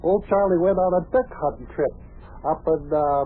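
A man's voice: fairly high pitch, normal speed, breathy edge. An actor playing a long-winded, chuckling male pal who rambles through folksy tall tales, on an old radio show. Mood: cheery. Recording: tinny old radio broadcast.

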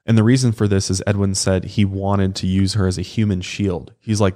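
A man's voice: sits low, flat delivery, brisk, dark tone. A man co-hosting a podcast, recounting a true-crime case in a loose, conversational way with casual swearing. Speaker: podcast co-host.

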